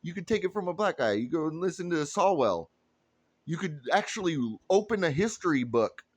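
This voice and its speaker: A man's voice: on the high side, animated, a little fast, no echo. A man delivering a heated, profane political rant straight to his audience. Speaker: political commentator. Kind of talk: ranting monologue to camera.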